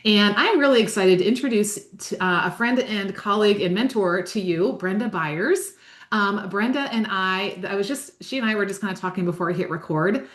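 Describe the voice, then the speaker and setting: A woman's voice: medium pitch, normal speed. Enthusiastic woman host in a roomy space. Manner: enthusiastic and affirming, gushes praise. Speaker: podcast host. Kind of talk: faith-based podcast interview.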